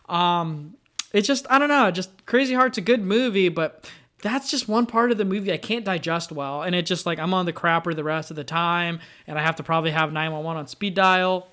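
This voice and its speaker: Young male vlogger reviewing movies, a high voice with a loose, rambling delivery. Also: a bit bright. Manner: rambling, many fillers and restarts. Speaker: film reviewer. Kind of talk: casual movie review vlog.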